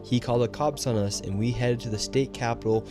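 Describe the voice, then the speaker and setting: Man, journalist narration, persistent, mid pitch, music bed behind. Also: steady tone, fairly quick. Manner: persistent, pressing. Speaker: independent journalist. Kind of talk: confrontational reporting and narration.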